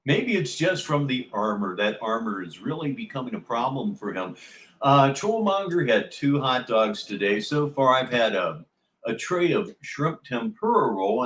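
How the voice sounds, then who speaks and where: A man's voice: mid-range voice, big pitch swings, a little slow, a bit bright, echoey room. A man hosting a livestream, chatting casually and sarcastically, rambling between played clips. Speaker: livestream host.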